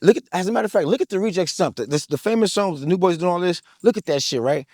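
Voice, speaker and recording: A man in his thirties telling his story in an interview, excitable and hyped, full of "like, like" fillers, street slang and swearing. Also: high-pitched, quick pace, no echo, clean studio sound.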